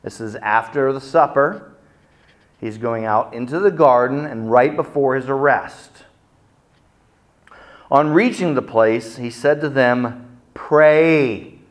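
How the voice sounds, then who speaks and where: A middle-aged man preaching a sermon, telling stories dramatically and acting out the quotes with big swings in loudness. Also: medium pitch, slow pace, pauses often. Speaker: pastor.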